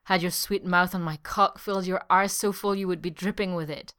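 A proud, quick-tempered young man speaks low and intensely, close and intimate, as a woman reads his lines in her own deep voice. His tone sits very low for a woman's voice and stays fairly plain. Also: fairly even intonation, fairly bright tone, smooth, natural voice.

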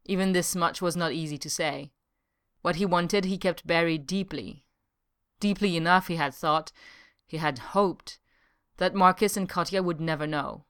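A woman reading a novel aloud in a measured, unhurried way. Her voice sits low and sounds smooth and resonant. She tells the story steadily, as an audiobook narrator. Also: fairly bright tone. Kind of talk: scripted narration.

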